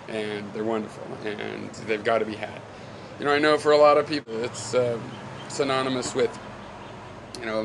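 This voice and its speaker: A man's voice: medium pitch, gravelly, noisy background. A man gives a casual spoken reply to a commenter, rambling and thinking aloud with many fillers and restarts. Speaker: video blogger replying to a commenter.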